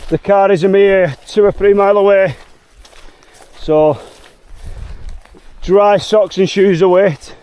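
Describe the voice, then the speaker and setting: A man's voice: high voice, fairly even intonation, takes it slowly, long pauses, darkish tone, smooth. A man with a Liverpool accent, chatting cheerily to viewers as he vlogs a rainy hike outdoors. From England. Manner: chatty, cheery, slangy, addresses viewers as legends. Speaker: hiking vlogger. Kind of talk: casual walking vlog. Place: outdoors on wet fells, later in a car.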